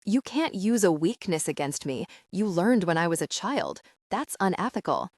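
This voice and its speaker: A woman reading the part of a nervous, quick-witted young woman who works as a party clown. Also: fairly low pitch, expressive, a little mellow, no echo, clean studio sound. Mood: flustered.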